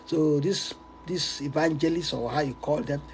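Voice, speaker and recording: A male preacher telling an animated, laughing story in a sermon. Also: fairly high pitch, normal speed, slight background noise, poor audio.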